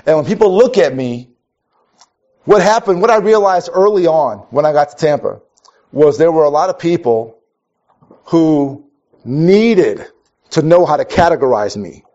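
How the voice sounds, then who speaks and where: A man's voice: a little high, animated, measured pace, pauses often, a little mellow. A man from Minnesota preaching a conversational sermon, telling stories wryly and often restarting his sentences. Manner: storytelling, wry, restarts often. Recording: dull lo-fi recording.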